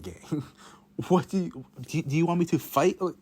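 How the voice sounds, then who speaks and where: A man's voice: a little high, moderate pace, warm tone, husky. Man with a casual, rambling storytelling monologue, repeating lines and swearing.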